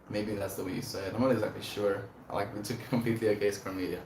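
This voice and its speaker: A man's voice: on the low side, fairly even intonation, quick pace, few pauses, a little mellow. A man hosting a casual livestream chat, talking in a rambling, reflective way and laughing often. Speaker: livestream host. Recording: echoey room, faint background noise.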